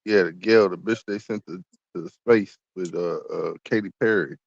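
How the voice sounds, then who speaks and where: A man's voice: sits low, steady tone, normal speed, vocal fry, no room sound, highs cut off. A man in crude, joking casual chat, co-hosting a podcast. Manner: profane, joking, loose. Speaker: podcast co-host.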